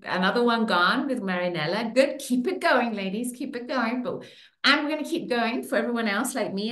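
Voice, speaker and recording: A woman leading a guided affirmation exercise online, stretching out affirmations slowly with playful asides. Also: mid-range voice, echoey room. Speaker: workshop leader.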